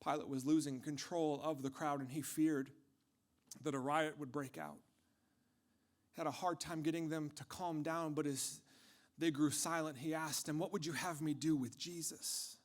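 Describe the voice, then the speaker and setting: A man delivering a dramatic first-person storytelling monologue, impassioned, swinging from hushed tones to shouting. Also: a little high, steady tone, normal speed.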